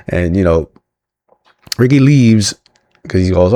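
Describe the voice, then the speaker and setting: A man's voice: deep voice, measured pace, long pauses, a little mellow, dry recording, clean studio sound. A man hosting a casual wrestling recap, rambling with lots of fillers and chuckling asides.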